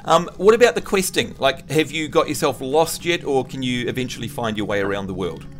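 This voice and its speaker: A man's voice: mid-range voice, fairly quick, soft background music. A man from New Zealand chatting casually and teasing friends while streaming a game. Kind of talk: casual live-stream chat.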